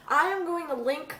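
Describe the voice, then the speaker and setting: A woman's voice: sits high, sharp tone. A young woman vlogging casually, rambling and laughing through tears. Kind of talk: casual talk to camera. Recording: echoey room from a distance.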